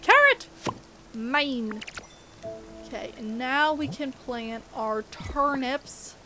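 A woman's voice: high-pitched, slow. A woman streaming a game, chatting casually and reading its dialogue aloud. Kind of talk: casual gameplay commentary. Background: background game music.

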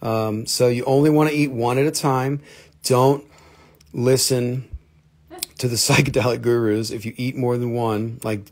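A man with a gravelly, creaky voice at a middle pitch runs a live rock sale. He rambles, teases himself and cracks jokes between prices. His talk is casual and loose. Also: fairly even intonation, measured pace. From North Carolina. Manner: joking, rambling, self-mocking. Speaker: livestream rock and mineral seller.

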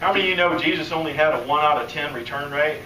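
An American man preaching a sermon, telling a healing story and acting out its dialogue, his voice climbing high as he gets excited. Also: quick pace, crowd noise. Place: church or conference hall, live audience. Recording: echoey hall, voice from a distance.

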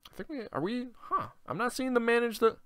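Young male gaming host, bright, forceful voice; loose, profane, thinks out loud. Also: extremely high pitch, very animated, brisk, clean tone, no echo, clean studio sound. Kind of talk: casual let's-play commentary.

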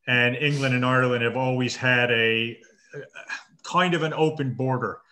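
A man in his fifties, a marathon swimmer interviewed over a video call, talking with halting restarts and dry understated humor. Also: mid-range voice, fairly even intonation, bright, forceful tone. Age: 50s. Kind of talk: casual interview chat.

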